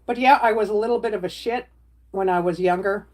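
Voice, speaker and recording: A woman's voice: mid-range voice, fairly quick, noisy background. A middle-aged woman chatting casually on a livestream, rambling from topic to topic and reacting to viewer comments.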